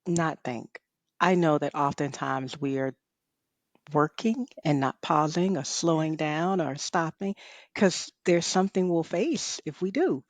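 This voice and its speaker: A middle-aged woman and author, a guest telling a personal story in a conversation, expressive, laughing often and saying "you know" a lot. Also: deep voice, measured pace, dry recording. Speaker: author and rest coach, guest.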